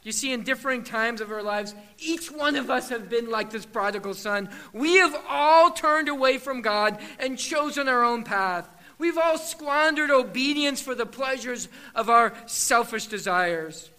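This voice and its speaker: A man preaching with a strikingly high, very bright voice. His delivery is impassioned, rising to emphatic declarations and dropping to hushed, tender passages. He speaks as a pastor addressing his congregation. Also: unhurried, hardly any pauses, clear, resonant tone. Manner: impassioned, swings from loud emphatic declarations to soft hushed tones. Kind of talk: sermon.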